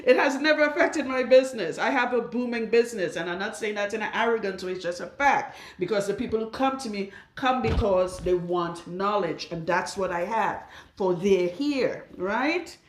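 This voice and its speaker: Her voice sits at medium pitch and normal speed as the loctician tends to a client and talks frankly to camera, emphatic and full of rhetorical questions. The salon room, with its radiator, gives the audio a roomy echo.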